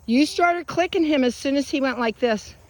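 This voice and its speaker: A woman dog trainer coaching a client on a walk in a park, giving direct, encouraging instructions and bursting into high sing-song calls to the dog. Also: moderate pace, a little mellow, rough recording. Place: outdoors in a park.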